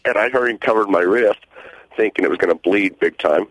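A man's voice: fairly low pitch, fairly quick, no echo, poor audio. A middle-aged man calling in to a radio show, telling his story in a matter-of-fact, rambling way. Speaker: caller. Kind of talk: phone-in story.

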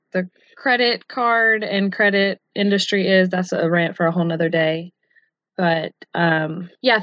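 A woman's voice: mid-range voice, dry recording, muffled recording. Candid, swearing young woman podcast host. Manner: candid, swearing, acts out quotes. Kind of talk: casual storytelling chat.

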